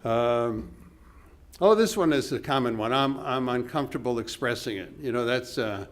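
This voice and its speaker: A man's voice: medium pitch, animated. Older man giving an earnest keynote talk. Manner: earnest, conversational, acts out quoted dialogue with dropped voice and pauses. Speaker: keynote speaker. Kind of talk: motivational keynote storytelling. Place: conference hall stage.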